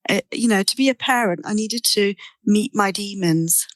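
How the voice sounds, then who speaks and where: Middle-aged woman guest, mid-pitched, dry close sound, chatty storyteller who repeats herself. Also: moderate pace, no room sound. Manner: animated storyteller, frequent repetitions. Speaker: guest therapist. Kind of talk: personal storytelling in interview.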